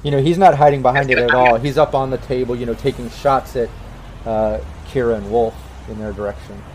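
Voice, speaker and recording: An easygoing man narrates a tabletop game as its game master, his voice sitting at an ordinary middle pitch. He talks in a loose, chatty flow, padding his lines with little fillers as he describes the action and hosts the stream. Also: brisk, a little hiss or hum, rough recording. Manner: relaxed and chatty, with many fillers.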